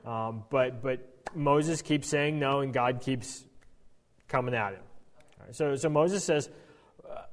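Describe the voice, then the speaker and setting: A man teaching a conversational Bible lesson with animated, wry asides and frequent stammered restarts, in a reverberant hall. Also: mid-range voice, a little slow.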